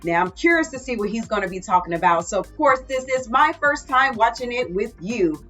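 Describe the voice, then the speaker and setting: A woman's voice: fairly high pitch, lively intonation, fairly quick, pushed and bright. A woman hosting her reaction channel, opening with an upbeat, chatty greeting. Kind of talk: casual vlog intro. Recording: dull lo-fi audio with faint music.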